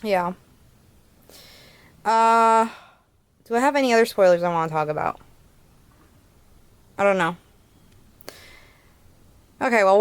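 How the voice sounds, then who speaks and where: A woman's voice: mid-range voice, clean tone, dry recording. A young woman casually reviewing a book in a chatty, rambling way, with fillers and little laughs.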